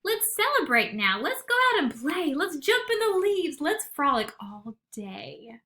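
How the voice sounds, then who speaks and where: A woman voicing a big, gentle, sick male bear in a children's picture book, in a cheerful sing-song storybook voice. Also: very high voice, very animated, unhurried, slight background noise, pitched above the performer's own voice, heavily acted.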